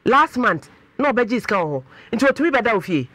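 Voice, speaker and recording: Animated high-voiced male talk host. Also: fairly quick. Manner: animated, switches from calm musing to loud exclaiming. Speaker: radio talk show host. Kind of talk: call-in advice talk.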